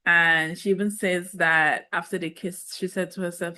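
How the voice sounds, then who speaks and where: A woman's voice: fairly low pitch, fairly even intonation, moderate pace, hardly any pauses, pushed and bright. A woman in a casual, sassy reality TV recap, with speech and playful, opinionated asides. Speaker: reality show recap host.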